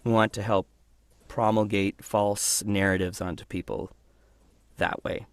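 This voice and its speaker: A man who is a voice actor guest, talking through his work in a thoughtful, animated way. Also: on the low side, unhurried, creaky, clean tone, no echo. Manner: thoughtful, animated, acts out voices mid-sentence. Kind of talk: casual interview conversation.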